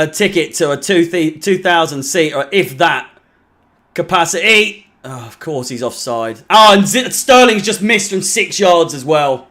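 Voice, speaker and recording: Young man, from England, football watch-along host, deflated and sarcastic, bright tone. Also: a little high, expressive, measured pace. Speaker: fan channel host.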